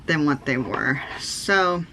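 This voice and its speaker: An American sewing vlogger in her thirties chats upbeat about a sewing project in a casual how-to, peppered with ums and likes. Her voice is low, animated, and slow, with heavy background noise.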